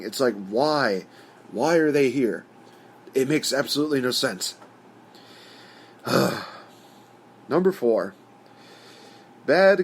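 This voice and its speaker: Guy talking loose and rambly about movies he hates, medium voice, faint hiss behind. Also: medium pitch. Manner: rambling, frequent "you know" fillers. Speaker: host. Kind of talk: casual opinion rant.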